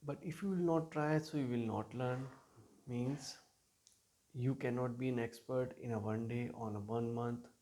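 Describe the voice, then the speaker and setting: A man's voice: mid-range voice, steady tone, normal speed, dark tone, slight background noise. A man, coaching learners in an earnest, emphatic teaching monologue. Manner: earnest, emphatic advice with frequent repetition and restarts. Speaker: English speaking coach.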